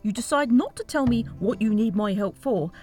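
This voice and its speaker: A woman's voice: a little high, lively intonation, moderate pace, darkish tone, faint music behind, natural voice. A woman voicing a sarcastic, exasperated young witch in an audiobook. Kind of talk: audiobook character reading.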